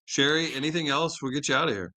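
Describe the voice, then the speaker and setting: A man's voice: a little high, quick pace, bright, forceful tone. A man co-hosting a podcast, adding short remarks and wrapping up the show in casual chat. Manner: brief interjections, wraps up the show. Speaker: co-host.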